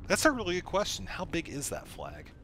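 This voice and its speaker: A man's voice: sits high, huge pitch swings, a little fast, bright, forceful tone, a little hiss or hum. A man casually commenting while playing a video game, chatty and joking. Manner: chatty, joking, laughs often. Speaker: let's play host.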